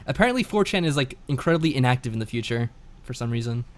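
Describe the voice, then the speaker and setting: A man's voice: medium pitch, quick pace. A man streaming a visual novel, chatting casually and reading the narration aloud. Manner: laid-back, reads narration aloud with lively inflection.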